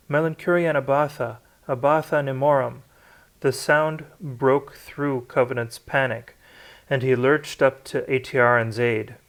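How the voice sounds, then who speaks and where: A man's voice: medium pitch, fairly bright tone. A man reading a novel aloud, unrehearsed, with occasional slips and restarts. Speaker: audiobook narrator. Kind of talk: unrehearsed read-aloud narration.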